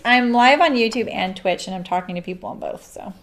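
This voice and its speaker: A woman's voice: mid-range voice, expressive, brisk, hardly any pauses, noisy background. A middle-aged woman hosting a live sewing stream, chatting casually and laughing often as she works. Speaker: sewing livestream host.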